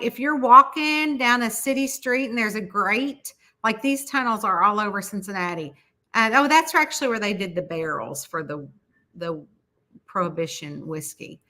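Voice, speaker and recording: A middle-aged woman chatting casually with viewers on a livestream. Her voice is bright and sits a little high. She talks in a lively, animated way, jumping up into high voices when she quotes people. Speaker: mystery author hosting a livestream.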